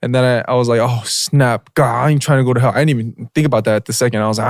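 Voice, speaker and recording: A man's voice: medium pitch, steady tone, very fast, no echo, studio quality. A young man co-hosting a podcast, telling a story in casual slangy chat with lots of filler words and "bro". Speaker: podcast co-host.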